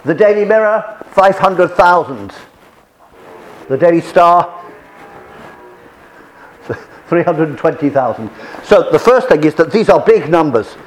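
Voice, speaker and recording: Male lecturer, rambling classroom delivery, repeats himself, a bit high-pitched, faint background noise. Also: expressive, measured pace, pauses often, poor audio. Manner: chatty, repeats and restarts phrases, mixes in French asides.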